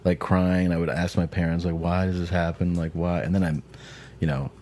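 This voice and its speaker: Guy cohosting a comedy podcast, lowish voice, rambly with lots of likes and ums. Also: level tone, moderate pace, mellow, slight background noise. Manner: rambling, full of fillers. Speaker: podcast co-host. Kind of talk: casual comedy podcast chat.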